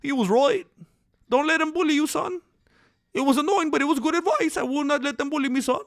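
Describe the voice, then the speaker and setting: A man's voice: extremely high pitch, brisk, no room sound, clean studio sound, voice pushed up. A man voicing a male fighter who pumps himself up in a mirror, in a clumsy, exaggerated British accent and with repeated tag questions. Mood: mock-tearful.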